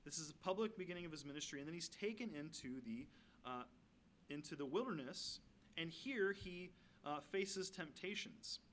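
A man's voice: a little high, animated, normal speed, a bit bright, slight background noise. A man giving a guest sermon, reading scripture aloud and adding casual, humorous asides. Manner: conversational, asides and light humor between readings. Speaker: guest preacher.

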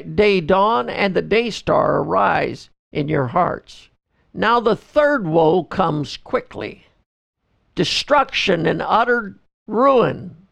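A man, a pastor and podcast host, teaching through a Bible book verse by verse, reading scripture in slow measured phrases. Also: sits high, gravelly.

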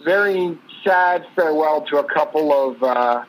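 A man's voice: a little high, a little slow, a little hiss or hum, poor audio. Dry-joking male podcast co-host. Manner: dry joking, hesitant fillers. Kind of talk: casual sports podcast chat.

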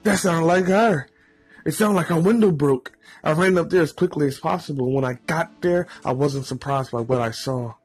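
A man voicing an excitable, cocky teenage boy who yells when he is thrilled, with a husky edge to his voice. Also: fairly high pitch, moderate pace, faint music behind, pitched above the performer's own voice. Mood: excited. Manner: loud, excited yelling.

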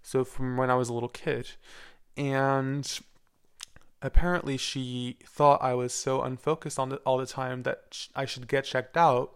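A man's voice: medium pitch, little pitch movement, a little slow, clean tone. A man in his twenties talking casually on his own podcast, rambling and candid, with lots of fillers and the odd swear word. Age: 20s. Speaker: podcast host; university music student. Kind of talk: casual solo podcast chat.

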